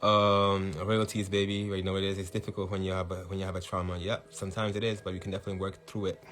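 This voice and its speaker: A man hosting a casual livestream talk, animated, laughing often and shouting when he acts out hype, with faint music behind. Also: low voice, fast talker. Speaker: podcast host.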